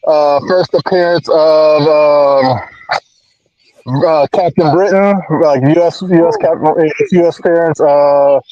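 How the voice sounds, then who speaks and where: A man chatting as a guest on a livestream, rambling and halting, with many fillers and repeats. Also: fairly high pitch, steady tone, highs cut off. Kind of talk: casual chat.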